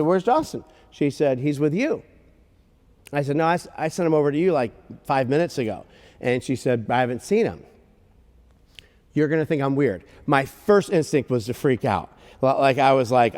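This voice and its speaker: A man's voice: mid-range voice, big-room sound. A man preaching a sermon, telling a story with lots of restarts and acting out the dialogue. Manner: animated, halting restarts, acts out dialogue. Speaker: guest pastor. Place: church sanctuary.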